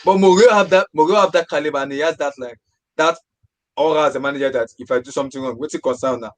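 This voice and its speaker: A man's voice: fairly high pitch, rapid-fire. A man co-hosting a casual football podcast, emphatic and repeating his points for stress.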